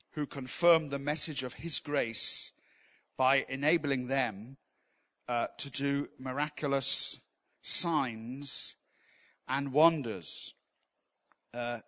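Bright-voiced man teaching from scripture. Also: medium pitch. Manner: conversational, enthusiastic, frequent restarts. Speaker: Bible teacher. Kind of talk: informal teaching sermon. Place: church teaching session.

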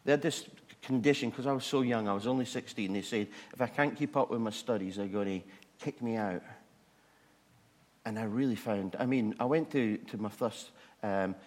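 A man telling a funny personal testimony in a sermon, animated and self-mocking. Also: lowish voice, normal speed, long reverb tail. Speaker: preacher.

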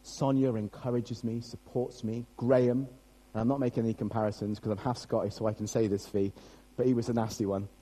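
Chatty British pastor, mellow husky voice. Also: male voice, medium pitch, flat delivery, fairly quick, low-quality recording. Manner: chatty, self-deprecating, jokes with the congregation. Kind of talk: sermon.

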